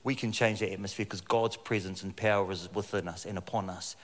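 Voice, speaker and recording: Jokey New preacher in echoey hall. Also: male voice, lowish voice, fairly quick. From New Zealand. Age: middle-aged. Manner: jokey, animated storytelling with frequent laughs. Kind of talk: sermon. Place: church hall. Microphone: handheld mic.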